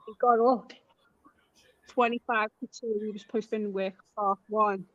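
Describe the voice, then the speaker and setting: A woman from Liverpool, England, speaking with a Liverpool accent, tells stories in casual chat on a live stream. Her voice is medium-pitched, steady, a bit bright, and moderately paced, and she acts out the lines she quotes. The live stream audio is dull and lo-fi.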